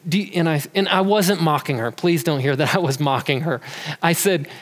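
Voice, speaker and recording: A pastor in his thirties delivers a sermon with a fairly high voice and relaxed, conversational storytelling. His voice rings through a church hall with a long reverb. He sounds like he is talking with the congregation more than lecturing them. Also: brisk. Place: church sanctuary.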